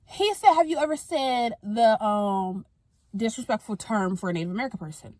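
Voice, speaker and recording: A young woman vlogging in a casual, exasperated rant, tossing in quick asides as she talks to her viewers. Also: fairly high pitch, expressive, a little mellow, no echo. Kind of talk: casual ranting monologue to camera.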